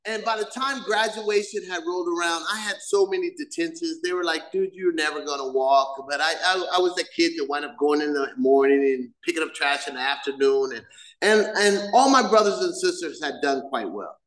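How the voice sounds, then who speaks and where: A man's voice: a little high, a little fast, fairly bright tone. A middle-aged man giving his personal recovery testimony to a live meeting, telling it loosely and acting out the voices of the people in his story. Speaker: main speaker at a recovery meeting. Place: church meeting hall. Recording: echoey meeting hall.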